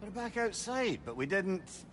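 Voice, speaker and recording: Mimir: a wry talkative game sidekick, lively rises and falls, faint hiss behind. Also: male voice, sits high, unhurried. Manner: wry, chatty. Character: wry talkative male head companion, witty.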